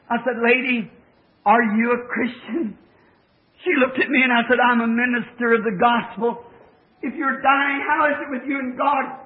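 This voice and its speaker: A middle-aged man preaching a fervent revival sermon, shifting between hushed tones and shouting, heard on an old tape recording. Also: very high-pitched, fairly even intonation, normal speed, narrow, tinny audio. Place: church.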